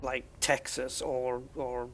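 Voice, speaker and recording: A man's voice: mid-range voice, level tone, takes it slowly, a bit bright, a little hiss or hum. An English man streaming a game, chatting casually with viewers in a musing, hesitant way with many restarts. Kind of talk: casual livestream chat with viewers.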